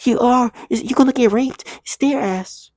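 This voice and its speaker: A man imitating a childlike, taunting female voice with a high, thin, childish tone and sing-song mocking delivery. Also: normal speed, darkish tone.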